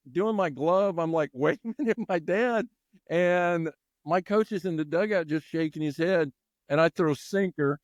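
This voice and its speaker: A middle-aged man, a longtime baseball coach and teacher, telling stories with lively energy as a podcast guest. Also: mid-range voice, no room sound, studio quality. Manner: animated, energetic storyteller. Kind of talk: storytelling in a podcast interview.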